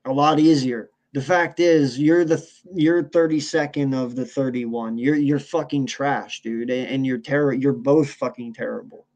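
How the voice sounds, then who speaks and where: A man's voice: mid-range voice, steady tone, normal speed, few pauses, a little mellow. A man co-hosting a sports podcast, ranting in a heated, profane, casual way. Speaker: podcast co-host.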